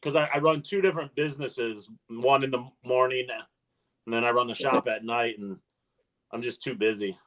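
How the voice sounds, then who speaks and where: A man's voice: medium pitch, fairly even intonation, normal speed, fairly bright tone. Laid-back man talking shop. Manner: laughs often, restarts sentences. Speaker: hobby shop owner hosting a livestream. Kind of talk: casual chat.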